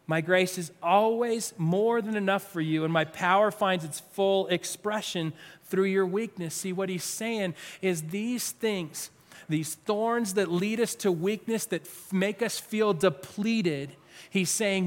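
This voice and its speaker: A male pastor with a high-pitched voice preaches at a measured pace in a church sanctuary, the long reverb of a large hall around him. His sermon is impassioned and emphatic, and he stresses and repeats his phrases.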